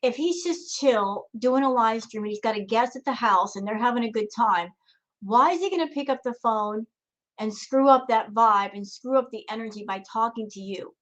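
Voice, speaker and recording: Calm woman lecturing in commentary. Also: on the high side, normal speed, rough recording. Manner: calm, lecturing, addresses the streamer directly. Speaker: reaction commentator. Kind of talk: reaction commentary.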